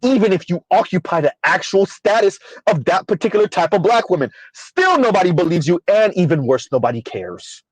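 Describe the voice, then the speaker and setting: A man's voice: high-pitched, very animated, brisk, few pauses, husky, no room sound, low-quality recording. A man hosting his own channel, ranting in a blunt, profane commentary with rhetorical questions. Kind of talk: casual commentary rant.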